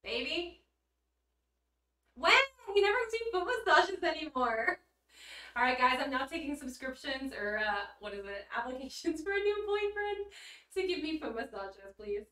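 Woman streamer, crisp bright tone, giggly and blunt, roomy off-mic sound. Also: high-pitched, expressive, normal speed. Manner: bubbly, giggly, blunt, swears casually. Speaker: livestreamer reading chat. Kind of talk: casual livestream chat. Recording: roomy echo, mic at a distance.

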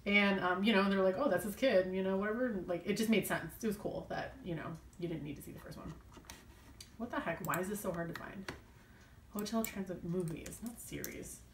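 A planner vlogger with a medium-pitched voice talks briskly against slight background noise. She chats and rambles casually while working on her planner, filling it with fillers and self-deprecating asides.

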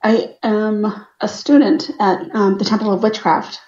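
A woman guest with a Boston accent who talks in a friendly, hesitant way, pausing with fillers. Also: mid-range voice, steady tone, a little mellow. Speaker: guest, witch and psychic. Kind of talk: casual interview chat. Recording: roomy lo-fi audio.

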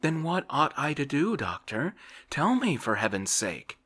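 A man voicing a dreamy, idle Russian gentleman in a whispered role-play, sighing and plaintive. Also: medium pitch, lively intonation, unhurried, husky, pitched above the performer's own voice, exaggerated voice.

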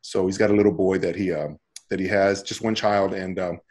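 Animated man telling set stories. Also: sits low, a little fast. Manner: animated, acts out quoted voices and laughs often. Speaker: guest actor. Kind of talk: casual interview storytelling.

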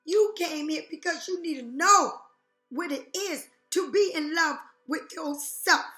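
High, bright-voiced blunt woman reader. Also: a little slow, faint music behind. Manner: blunt, profane, rhetorical questions. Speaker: tarot reader. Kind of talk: intuitive reading to viewers. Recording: echoey room.

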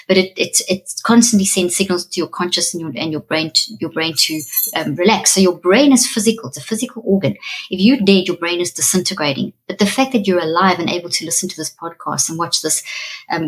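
A woman speaks as a neuroscientist guest on a podcast. Her voice sits a little low, and her tone is earnest and emphatic. She teaches as she talks and repeats key phrases for weight. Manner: acts out inner self-talk in a higher voice. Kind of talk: podcast interview explanation.

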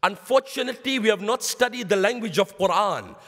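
A man's voice: high-pitched, expressive, fairly quick, a bit bright. A man giving a sermon in a mosque with a South African accent, telling stories and addressing listeners as brothers while mixing in Arabic phrases. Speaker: Islamic lecturer. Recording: long reverb of a mosque hall.

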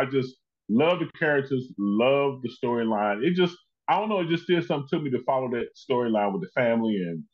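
A man hosting a casual chat, praising at length in loose run-on stories. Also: mid-range voice. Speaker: host. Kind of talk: casual conversation. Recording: slightly muffled audio.

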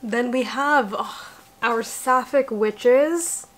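A woman's voice: a little high, very slow, fairly bright tone. A young woman chatting casually to her viewers as she unpacks a parcel, bubbly and talkative. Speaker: vlogger. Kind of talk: casual unboxing vlog.

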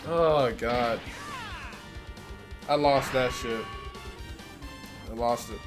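A man casually commenting on his gameplay as channel host, excitable and profane, yelling when the fight heats up. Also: medium pitch, drawn-out words, long pauses. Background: game music.

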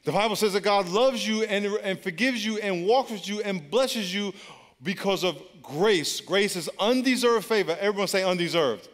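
High-voiced male pastor preaching emphatically. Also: moderate pace, fairly bright tone. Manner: emphatic, repetitive preaching with call-and-response. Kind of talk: sermon. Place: large church auditorium. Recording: long church hall reverb.

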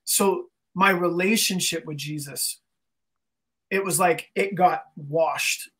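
Earnest man telling a halting story. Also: on the high side, a bit bright. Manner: earnest, emotional storytelling with many restarts. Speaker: guest, band singer. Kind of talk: casual interview chat.

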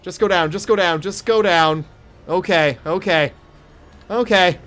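A young man giving let's play commentary on a horror game, jumpy and profane, yelling at monsters and taunting them. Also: high-pitched, unhurried, faint music behind. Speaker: gaming streamer.

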